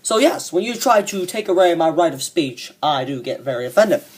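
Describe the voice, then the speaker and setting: Fan performer playing a cocky young man, smug, profane, ranting monologue, mid pitch. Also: sing-song, moderate pace, darkish tone, breathy edge. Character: cocky young man venting about a coworker. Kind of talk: fan-made comedic rant monologue.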